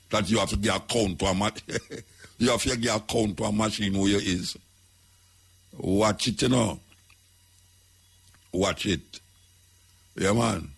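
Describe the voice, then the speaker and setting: A man's voice: fairly low pitch, breathy edge. A man with a Jamaican accent, talking as a radio host in an emphatic, preaching way, repeating his points. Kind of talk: talk radio commentary.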